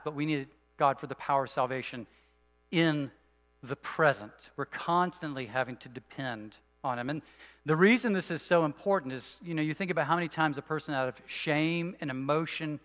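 A man preaching a sermon as a pastor, earnest, moving between emphatic and hushed delivery. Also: a little high, big-room sound.

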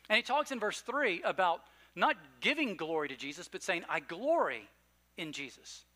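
A man delivers a sermon in a bright, forward voice pitched a little high. He talks to his congregation in an earnest, conversational way. He leans hard on the key phrases, then lets them fall quiet and slow. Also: sing-song. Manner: conversational asides with fillers. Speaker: pastor.

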